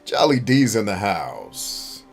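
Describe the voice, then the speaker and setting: A man hosting a live stream in casual chat, talking bluntly and profanely, laughing often and bursting into shouts when he acts out a scene. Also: fairly low pitch, huge pitch swings, slow, vocal fry. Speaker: streamer and gaming show host.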